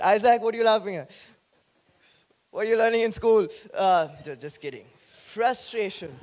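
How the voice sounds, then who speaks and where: A man pastor preaching an animated sermon, joking with the congregation. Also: sits high, normal speed.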